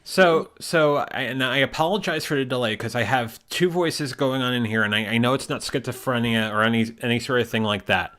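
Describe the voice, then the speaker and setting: A male host with an ordinary pitch talks over a video call in a casual live stream. He rambles and often stumbles on repeated words. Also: brisk, hardly any pauses, fairly bright tone. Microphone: headphones on a video call.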